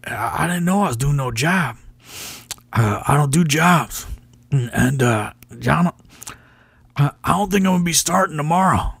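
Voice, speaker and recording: A man putting on a stubborn old wrestler, high and insistent. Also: animated, moderate pace, creaky, pauses often, a bit bright, slightly rough, dry recording, heavily acted. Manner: insistent, repeats himself. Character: stubborn older male veteran wrestler on the phone.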